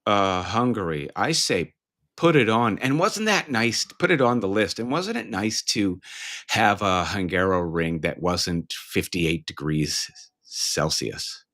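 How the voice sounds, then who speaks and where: Podcast guy chatting casually, lively sing-song voice, keeps firing questions. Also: low voice. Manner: animated, quick to jump in with questions. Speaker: podcast co-host. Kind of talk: casual chat.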